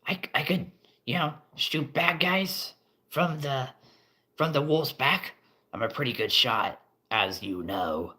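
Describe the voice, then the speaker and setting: A man's voice: mid-range voice, slow pace, sharp tone, voice pushed up. A man voicing a cheeky, boastful male goblin archer in a tabletop game.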